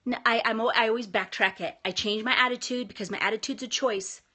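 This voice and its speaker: A woman in her thirties talks straight to her viewers in an upbeat, emphatic way. Her voice sits slightly high, and she chats freely, restarting her sentences as she goes. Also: steady tone, fast talker, sharp tone. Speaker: vlogger. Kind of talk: casual motivational talk to camera.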